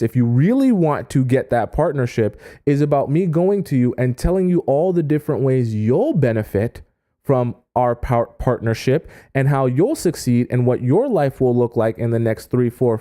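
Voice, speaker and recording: A man's voice: mid-range voice, big pitch swings, measured pace, mellow. A man giving dating advice on a live stream in a conversational way, often checking in with "okay?" and "right?". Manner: acts out quoted people in a raised voice. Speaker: dating coach.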